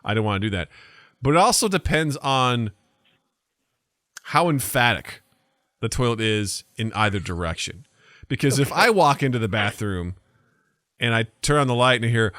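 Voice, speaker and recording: A man co-hosting a casual comedy podcast, telling stories in an animated way and slipping into silly voices. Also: medium pitch, normal speed, pauses often, dry recording, studio quality. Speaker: podcast co-host.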